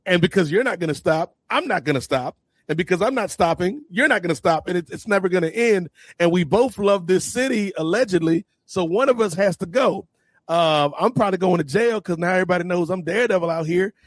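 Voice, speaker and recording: A man co-hosting a casual podcast review, excitedly retelling TV scenes and acting out the characters' lines. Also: high-pitched, brisk, no echo. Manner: animated, acts out scenes in quoted voices. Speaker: podcast co-host.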